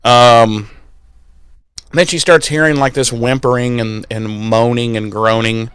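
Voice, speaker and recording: A man's voice: medium pitch, measured pace, clear, resonant tone, no room sound. A man co-hosting a podcast, recapping an episode in casual, profane chat and acting out the characters' lines. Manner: animated storytelling, swears freely, acts out lines. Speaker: podcast co-host.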